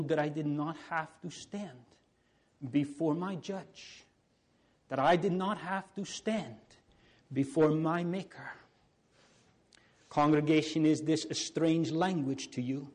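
A man preaching a sermon in a solemn, pleading way, with long pauses and repeated phrases. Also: fairly high pitch, darkish tone.

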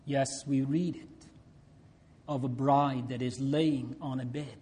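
A man preaching a sermon to his congregation, swinging between loud appeals and hushed near-whispers. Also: mid-range voice, fairly even intonation, slow pace.

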